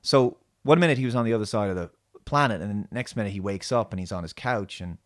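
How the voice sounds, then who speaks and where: A man with a fairly low voice hosts a solo review show. He rambles critically through a television episode, restarting sentences and filling pauses with "uh" and "you know.". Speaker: show host.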